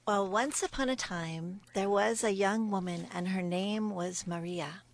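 A woman tells a folktale aloud, leaning into the story and slipping into hushed, whispered asides. Her voice has a gravelly, creaky edge, and the recording is dry and close with no room sound. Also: medium pitch, unhurried, no echo. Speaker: storyteller guest. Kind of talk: oral folktale telling.

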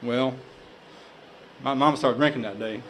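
A man with a drawl tells a tall tale to an audience in a folksy, rambling way. His voice sits at an ordinary middle pitch. A faint hiss runs underneath. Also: unhurried. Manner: folksy, drawling, building to excited shouts. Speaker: storyteller.

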